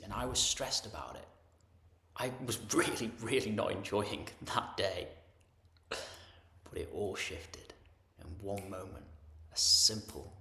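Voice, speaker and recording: A man telling a personal story in a soft, often hushed, near-whispered voice. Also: on the low side, unhurried, vocal fry. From United Kingdom. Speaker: spiritual teacher. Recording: echoey room.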